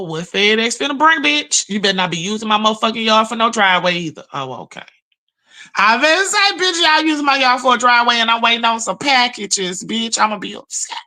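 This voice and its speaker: A woman's voice: mid-range voice, sharp tone. A woman hosting a livestream, talking casual gossip commentary from her home office. She is brash and profane, calls her viewers honey and baby, and breaks into laughter. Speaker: livestream host.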